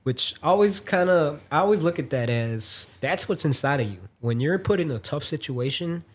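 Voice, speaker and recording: A man's voice: on the high side, lively intonation, normal speed. A man on a podcast telling a travel story in casual chat, acting out what other people said. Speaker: podcast host.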